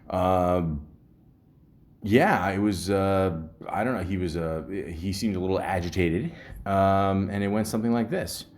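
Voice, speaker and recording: Rambling Canadian man, lowish voice. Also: a little mellow. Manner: rambling, with many ums and restarts. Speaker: podcast host. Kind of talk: casual monologue.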